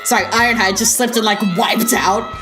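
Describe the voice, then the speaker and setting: A woman's voice: fairly high pitch, steady tone, normal speed, over music, crowd noise, poor audio. A woman hosting a reaction video, giving casual, sarcastic commentary with frequent giggles.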